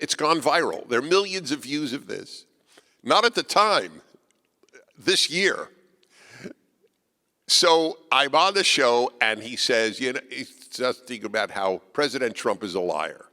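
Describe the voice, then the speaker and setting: A man addresses a live audience in an auditorium, combative and wry, pushing hard on his points. His voice has a bright, forceful edge, and long hall reverb trails after each phrase. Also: lively intonation, measured pace, creaky. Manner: emphatic, combative and wry, with sharp swings in pitch and loudness. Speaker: guest speaker.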